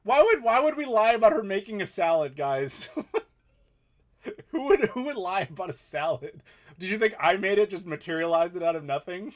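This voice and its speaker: A man in his thirties chats easily through a live question-and-answer stream from his home. His voice sits a bit high for a man. He laughs often and keeps things relaxed at a desk mic. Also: fairly quick. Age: 30s. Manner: easygoing and chatty, laughs often. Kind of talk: casual live Q&A chat. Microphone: desk mic in front of him.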